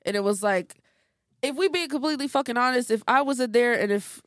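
A woman's voice: fairly high pitch, a little fast, no room sound, studio quality. A woman hosting a podcast in casual chat, talking candidly and bluntly and swearing freely. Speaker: podcast host.

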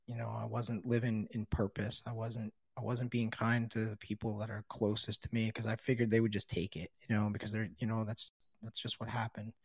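A man's voice: on the low side, flat delivery, a little fast, vocal fry, breathy edge, dry recording. A middle-aged man candidly telling his own recovery story, blunt and swearing freely, with lots of casual fillers.

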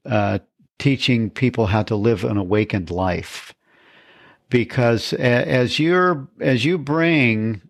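A man hosting an interview, measured and affirming, pausing often as he gathers his thoughts. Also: mid-range voice, no echo, studio quality. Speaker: podcast host. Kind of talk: conversational interview.

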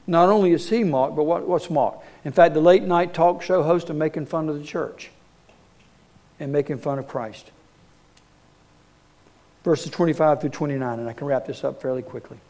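A man with a notably high voice preaches to his congregation in a church. He is earnest and emphatic, leaning on rhetorical questions and deliberate pauses to drive each point home. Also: darkish tone. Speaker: pastor. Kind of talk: sermon. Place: church sanctuary.

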